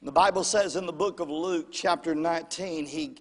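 A male preacher telling a story in a sermon, swinging from shouts to whispers and calling out to the congregation. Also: fairly high pitch, normal speed, in a large hall.

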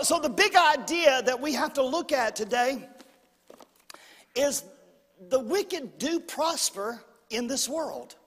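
A man preaching a sermon as pastor, calling out to the congregation and rising to shouts at the peaks. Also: extremely high pitch. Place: church sanctuary. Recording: long hall reverb.

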